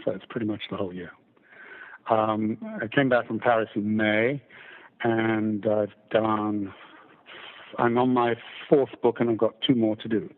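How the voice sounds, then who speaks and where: Older baritone man on a tinny line. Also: steady tone, unhurried. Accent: mixed British-American. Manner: chatty, self-deprecating, frequent stammering restarts. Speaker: audiobook narrator guest. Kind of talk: casual interview chat.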